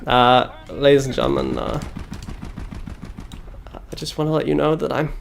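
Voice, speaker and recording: A man's voice: medium pitch, big pitch swings, moderate pace, gravelly, pauses often, slight background noise. A man streaming a game live, chatting with his viewers in a sarcastic, self-mocking, joking way. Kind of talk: live gaming stream chat.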